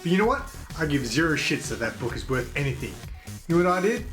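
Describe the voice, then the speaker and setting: A man's voice: on the high side, sing-song, fast talker, over music. An Australian man hosting a comedy show, ranting in a brash, profane, mock-aggressive way. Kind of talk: crude comedic rant.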